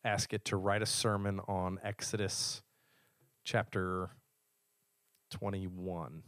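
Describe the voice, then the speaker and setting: A man's voice: low-pitched, level tone, slow, fairly bright tone, dry recording, studio quality. A man co-hosting a casual podcast as a church leader, chiming in with brief, easygoing remarks.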